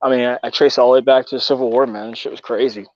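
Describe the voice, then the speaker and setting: A man's voice: medium pitch, steady tone, quick pace, darkish tone, no room sound, muffled recording. A man from Texas talking casually as a co-host, rambling and swearing with many fillers. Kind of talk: casual chat.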